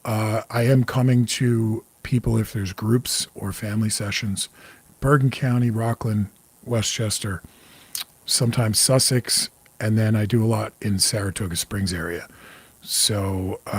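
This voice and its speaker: Here's a fairly low, slightly rough male voice with a steady tone and moderate pace. He's in his forties, from around New York, and runs a casual livestream as a psychic medium, speaking openly, cursing freely and calling out viewers by name.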